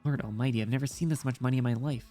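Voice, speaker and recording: A man's voice: mid-range voice, very fast, dark tone, soft background music, natural voice. Man doing a weary Southern blasting engineer. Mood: awed.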